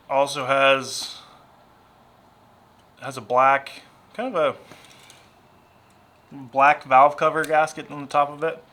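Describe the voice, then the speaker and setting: A man's voice: medium pitch, pushed and bright. A married man with a Southern US accent, chatting casually about his diecast car collection, rambling and self-deprecating and going off on tangents. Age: adult, married. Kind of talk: casual chat.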